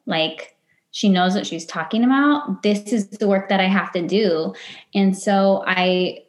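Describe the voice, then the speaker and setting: A woman speaking as a podcast guest, at a middle pitch, recounting a personal story with lively acted-out quotes. The sound is roomy with a clear echo around her voice. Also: a little slow. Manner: animated, acts out her past self and others in quotes.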